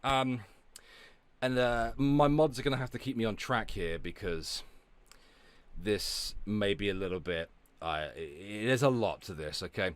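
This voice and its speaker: A man's voice: on the low side, animated, a little slow. Profane man ranting on stream. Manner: profane, sarcastic, loud outbursts; reads out donations and thanks viewers. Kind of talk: ranting livestream chat.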